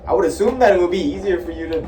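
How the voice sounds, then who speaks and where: A man's voice: high voice, very fast. A man, a personal trainer, talking casually and loosely, with lots of "you know" and "like". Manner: relaxed, loose, filler-heavy talk. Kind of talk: casual conversation. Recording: echoey room, far from mic, faint noise.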